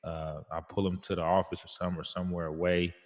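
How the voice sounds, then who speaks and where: A man with a very deep voice talks about fatherhood in a casual, slangy manner. He tells his stories in a relaxed and reflective way. His voice carries a long reverb, as if the room were large. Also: brisk. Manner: laid-back, slangy, reflective storytelling. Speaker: podcast co-host. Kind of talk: casual chat.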